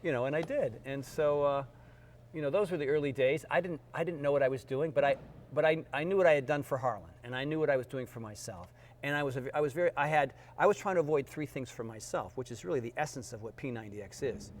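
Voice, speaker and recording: A middle-aged man, a fitness trainer, telling lively stories in an interview and acting out the people in them. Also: mid-range voice, quick pace. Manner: animated storyteller, acts out quotes in funny voices. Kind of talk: storytelling interview. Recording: faint background noise.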